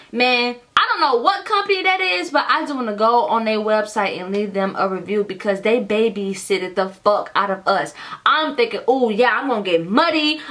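A young adult woman vlogging casually, telling a storytime full of cursing and talking straight to her viewers as y'all. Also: fairly high pitch. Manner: animated, profane storytelling, addresses viewers as y'all.

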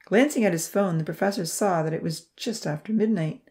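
Woman narrator, low mellow voice, calm even audiobook reading. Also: brisk. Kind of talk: scripted narration.

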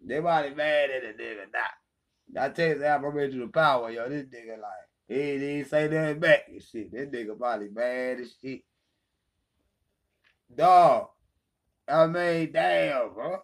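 A man's voice: mid-range voice, moderate pace. A man hosting his own channel, delivering a heated, profane callout rant, taunting and swearing freely. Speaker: channel host. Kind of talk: profane ranting callout video.

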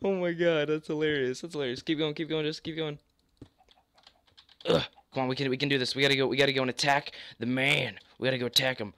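A young man giving live gameplay commentary, hoarse with a worn-out voice, excitable, repeating phrases and yelping as he plays. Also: mid-range voice, fast talker. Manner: excitable, repeats phrases, yelps and laughs mid-sentence. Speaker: gaming YouTuber.

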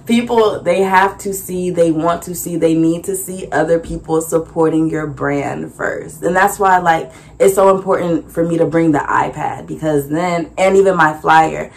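Young woman, casual vlog storytelling, animated, acts out dialogue, laughs often. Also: deep voice, gravelly. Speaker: vlogger and small business owner.

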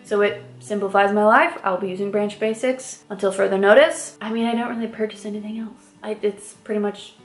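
A woman's voice: medium pitch, steady tone, brisk, few pauses. A woman in her thirties from the American Midwest, chatting casually to camera as a lifestyle vlogger in an upbeat way, with lots of "like" fillers. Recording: roomy echo with faint music.

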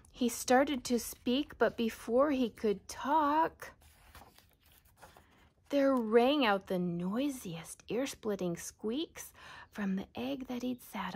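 A woman reading a rhyming children's storybook aloud in a sing-song way, often dropping to a soft whisper. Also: medium pitch, vocal fry, breathy edge.

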